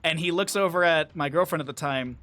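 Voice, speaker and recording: A man streaming a game, chatting casually with his chat and telling rambling, profane stories with quick asides. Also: a little high, sharp tone. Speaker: gaming streamer. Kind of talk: casual livestream commentary while playing.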